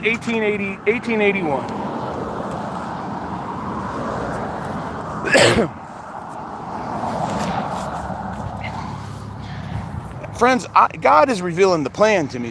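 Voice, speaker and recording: A man's voice: high voice, very animated, slow pace, long pauses. Rambling man outdoors. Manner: rambling, earnest, calls viewers friends. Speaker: vlogger. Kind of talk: casual monologue to viewers. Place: outdoors, windy cemetery grounds. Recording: noisy outdoor recording with wind.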